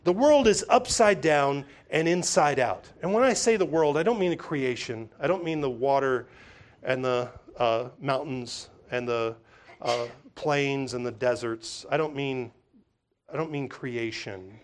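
A pastor preaching a sermon, with emphatic, repeating phrases and frequent restarts. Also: male voice, medium pitch, a little slow. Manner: acts out voices of others when telling stories.

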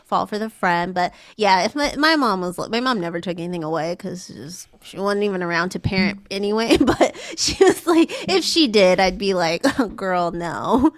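A young woman chatting casually on a podcast and laughing easily. Her pitch moves up and down a lot as she talks. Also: moderate pace, hardly any pauses. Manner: laughs often, expressive. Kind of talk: casual chat.

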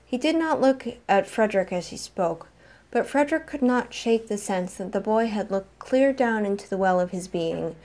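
Woman, storybook narration, expressive, middle pitch.

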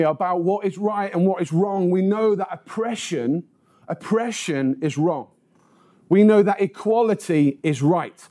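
Guy preaching, kinda high voice but soft and mellow, jokey story bits. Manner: humorous storytelling. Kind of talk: sermon.

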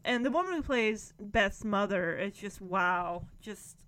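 A woman's voice: medium pitch, expressive, unhurried, a bit bright. A woman giving casual reaction commentary on a television episode, gushing and rambling as she gets emotional. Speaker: show reviewer.

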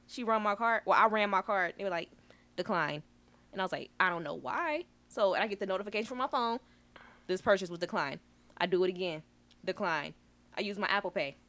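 A woman co-hosting a podcast, telling a story in a lively, slangy way and acting out both sides of phone calls. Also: medium pitch, fast. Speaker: podcast co-host. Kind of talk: casual chat.

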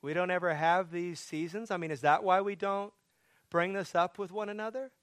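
A man's voice: sits high, fairly even intonation, normal speed, fairly bright tone, no echo, studio quality. A man preaching a sermon as pastor, earnest, building to pleading, emphatic questions.

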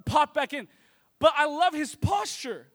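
A man preaching a lively sermon to a congregation, telling funny stories. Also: extremely high pitch, a little slow. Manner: energetic, joking storyteller. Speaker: pastor. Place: church service with congregation.

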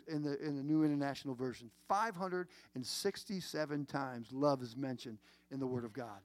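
A man preaching a sermon, emphatic and repetitive, with dramatic pauses. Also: on the high side, dry recording. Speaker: pastor.

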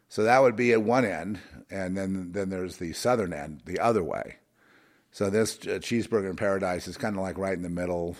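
Deep-voiced rambling man, emotional. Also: fairly quick. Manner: rambling, many fillers and restarts, swings between loud and muttered.

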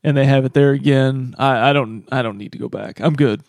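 A man's voice: mid-range voice, steady tone, a little fast, a little mellow, no echo. A man co-hosting a podcast, chatting casually with dry, wry remarks. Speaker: podcast co-host. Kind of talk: casual chat.

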